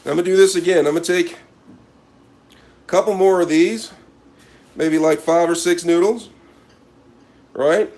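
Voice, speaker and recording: A man's voice: sits high, fairly even intonation, normal speed, pauses often, a little mellow. A man hosting a casual cooking demonstration, talking to viewers as he works in a mock-serious way and repeating a catchphrase. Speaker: cooking channel host.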